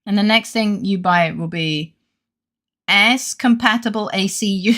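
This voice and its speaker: A woman's voice: medium pitch, measured pace, fairly bright tone. A woman streamer in casual live-stream chat, giggly and chatty and swearing freely.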